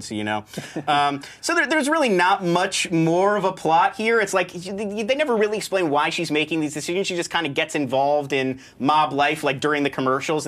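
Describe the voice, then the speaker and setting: A man's voice: fairly high pitch, fairly bright tone. A man hosting a movie segment, reviewing a film casually with sarcastic jokes. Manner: sarcastic, joking, quick asides. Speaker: show host reviewing movies.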